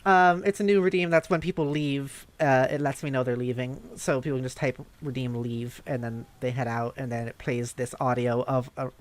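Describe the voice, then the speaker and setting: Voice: mid-range voice, fairly even intonation, moderate pace, few pauses. A VTuber streamer chatting casually while gaming, chatty and a bit self-conscious.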